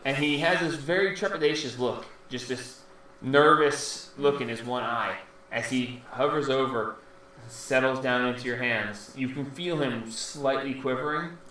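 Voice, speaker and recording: A man narrating as dungeon master at a home game, halting with fillers and often laughing. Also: medium pitch, sharp tone. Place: home room. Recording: echoey room, mic far off, faint background hum.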